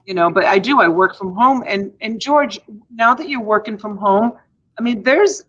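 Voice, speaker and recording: A woman's voice: mid-range voice, lively intonation, moderate pace, a bit bright, slight background noise. Chatty Boston woman, muffled lo-fi sound. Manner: chatty, rambling, laughs easily. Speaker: host. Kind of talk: casual chat. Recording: dull lo-fi sound.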